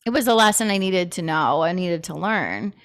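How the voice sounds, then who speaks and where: A woman's voice: lowish voice, expressive, normal speed. A woman hosting a casual talk on personal growth, candid, swearing freely and laughing often. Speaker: host.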